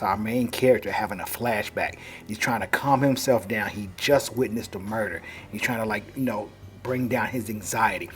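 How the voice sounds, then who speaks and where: Chatty man recapping a comic. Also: lowish voice. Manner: chatty, rambling with fillers like "you know". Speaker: comic book reviewer. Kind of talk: casual comic book recap.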